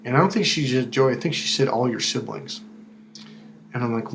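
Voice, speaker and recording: A man's voice: medium pitch, moderate pace, vocal fry. Male self-help coach, chatty and unscripted, slips into quoted voices, faint noise underneath. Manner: conversational, repeats words, acts out quoted voices. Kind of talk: casual spoken advice monologue.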